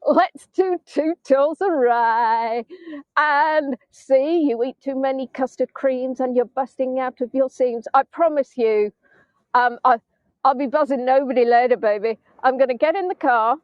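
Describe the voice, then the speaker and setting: A middle-aged woman with a high, bright voice, rambling cheerfully to her online viewers. She hosts a live tour outdoors in the dunes. The sound is dull and close, like a phone stream. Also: moderate pace, no room sound. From England. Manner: chatty, self-mocking, breaks into snatches of song. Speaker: virtual tour guide. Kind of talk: casual live-stream chat. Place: outdoors in sand dunes by the sea.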